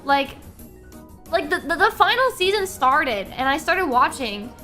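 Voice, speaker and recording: A woman's voice: sits high, big pitch swings, measured pace, bright, forceful tone, faint music behind. A young woman streaming as a VTuber, chatting casually with viewers in a rambling, giggly way full of restarts and fillers. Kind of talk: casual live-stream chat.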